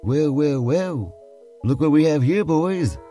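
A man's voice: fairly high pitch, lively intonation, slow, warm tone, faint music behind, voice pushed up. A man voicing a boastful, swaggering male diner boss on a space freighter in a role-play podcast.

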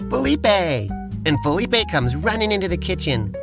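Playful guy hosting a goofy role-play podcast, gravelly voice, bouncy pitch, music behind. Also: very animated, unhurried. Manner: playful and theatrical. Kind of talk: comedic improvised role-play.

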